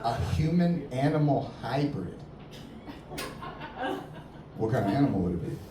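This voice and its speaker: Male stand-up comic, teasing and laughing at the crowd, lively delivery, roomy live-club sound. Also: medium pitch, measured pace. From Middle Eastern heritage, Persian father. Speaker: stand-up comedian. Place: comedy club stage. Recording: echoey room, distant, noisy crowd.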